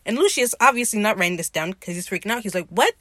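Woman podcaster ranting casually, slangy and swears a lot, mid pitch, dry close mic. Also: fast, no echo. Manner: opinionated, slangy and profane, animated retelling. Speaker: podcast host recapping a TV episode. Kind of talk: casual chat.

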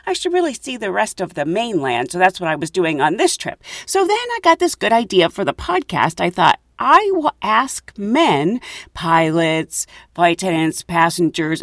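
A woman's voice: lowish voice, no room sound, clean studio sound. A woman hosting her own podcast, telling funny stories in a chatty, giggly, self-mocking way from a closet at home. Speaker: podcast host. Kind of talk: casual storytelling monologue.

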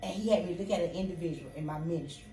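A woman's voice: on the low side, racing, recorded from a distance. A woman tells a story on a faith talk show, acting out the dialogue. She sits well back from the mic, and the room adds a strong echo. Faint noise runs underneath. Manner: animated storyteller, acts out dialogue with sudden loud laughs. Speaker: podcast co-host.

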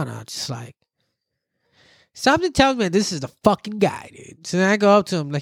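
A man's voice: fairly high pitch, brisk, gravelly, dry recording, studio quality. A man telling a story in casual chat, swearing freely and acting out quotes. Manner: animated, profane, acts out quotes.

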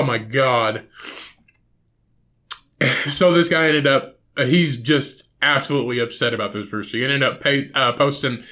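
A man's voice: medium pitch, bright, forceful tone. A man hosting a solo podcast, ranting in an exasperated, profane way with laughs and sighs. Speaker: podcast host.

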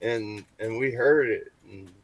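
A man's voice: lowish voice, a little slow, dry recording. Man telling a rambling ghost story. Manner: rambling, many restarts and fillers. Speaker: paranormal investigator. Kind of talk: casual storytelling on a podcast.

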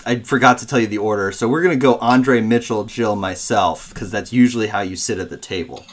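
A man's voice: on the low side, fairly quick. A young man hosting a casual podcast, upbeat and a bit rambling. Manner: upbeat, rambling, self-deprecating. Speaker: podcast host. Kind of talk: casual chat.

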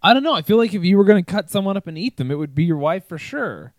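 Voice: medium pitch, sing-song, quick pace, no echo, studio quality. A podcast co-host in casual chat, joking and given to silly voices. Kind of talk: casual true-crime chat.

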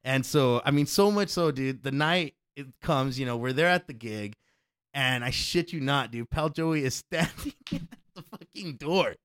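A man spinning a rowdy anecdote, swearing freely and jumping into loud impressions of the people in it. His voice sits at an ordinary middle pitch. The sound is dry and close, with no room around it. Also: moderate pace, clear, resonant tone, dry recording. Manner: profane, animated, acts out quotes loudly. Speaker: DJ telling a story. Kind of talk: casual storytelling chat.

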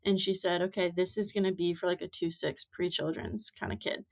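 A young woman in her twenties with a fairly low voice tells long stories as a podcast guest. She talks casually and chattily, with many likes and ums along the way. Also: fairly even intonation, brisk, vocal fry. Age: 20s. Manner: chatty storytelling with many fillers. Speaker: podcast guest, amateur rider. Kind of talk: casual interview chat.

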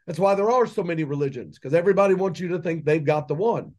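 Man, high-pitched, podcast guest, preachy, rhetorical questions, impassioned monologue. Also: quick pace, darkish tone. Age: adult with children. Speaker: podcast guest, entrepreneur and mentor.

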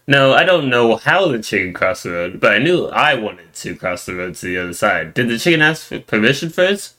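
A man's voice: lowish voice, pushed and bright, rough recording. A man chatting casually with friends, reacting in a dry, understated way. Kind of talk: casual chat.

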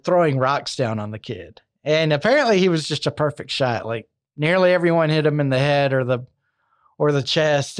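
A man casually narrating a true crime story, chatty with asides and fillers. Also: a little high. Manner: conversational, many fillers and asides.

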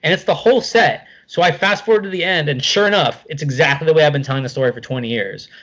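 A middle-aged man spins a casual anecdote, animated and loose, swearing freely and leaning on "like". His voice sits a little high. The audio is dull and lo-fi. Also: fast. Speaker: guest.

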